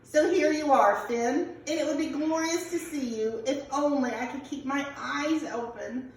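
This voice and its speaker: A woman's voice: high voice, moderate pace, a little hiss or hum, pitched above the performer's own voice. A woman voicing a weary, fond old Irish mother in a storybook, talking in a tired, fussing way. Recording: echoey classroom from far off.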